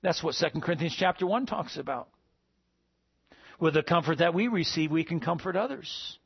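A man's voice: fairly high pitch, normal speed, gravelly, husky, dull audio. A man preaching a sermon as pastor, calling out to the congregation with asides. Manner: preaching with call-and-response asides.

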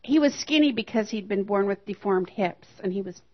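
A woman stands before her church and shares a personal testimony, moving freely through her story and putting on the voices of the people she quotes. Her voice sits at an ordinary pitch for a woman. The recording is dull and lo-fi. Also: lively intonation, a little fast. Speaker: church member sharing a testimony.

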